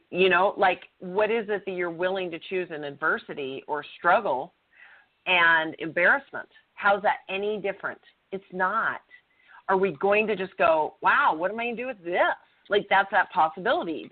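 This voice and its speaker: Middle-aged woman co-host, earnest and emphatic, a bit low-pitched, heard through a tinny phone-like line. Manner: earnest, emphatic storytelling with occasional swearing. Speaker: podcast co-host. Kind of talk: conversational podcast talk. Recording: phone-like narrow sound.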